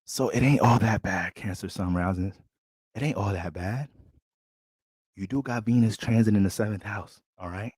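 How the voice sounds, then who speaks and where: A man with a lowish voice delivers a casual astrology forecast, blunt and streetwise, with profanity all through. The sound is dry and close, with no room echo. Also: normal speed, darkish tone, slightly rough. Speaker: astrologer giving a sign reading.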